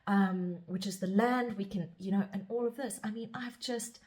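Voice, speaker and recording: A woman's voice: mid-range voice, normal speed, a little mellow. A middle-aged woman speaking as a spiritual guide in a reflective, rambling monologue, often restarting her sentences. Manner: rambling and self-searching, with restarts. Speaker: spiritual guide and podcast host.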